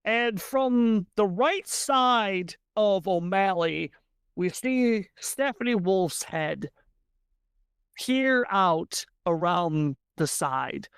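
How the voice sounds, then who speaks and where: A woman's voice: mid-range voice, animated, drawn-out words, clean tone, dry recording, studio quality. A woman narrating a tabletop game as game master, descriptive and full of fillers.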